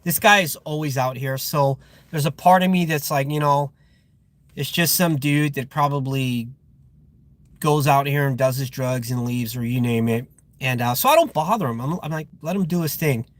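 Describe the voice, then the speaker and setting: A man's voice: mid-range voice, normal speed, dry recording. A man working as a security guard, chatting casually on a live stream, rambling with fillers and sounding irritated. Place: outdoors at a guarded facility.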